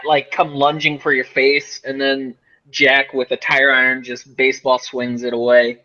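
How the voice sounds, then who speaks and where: A man playing a tabletop role-play game, narrating his character's actions and shouting his lines. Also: mid-range voice, little pitch movement, moderate pace, muffled recording. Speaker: player.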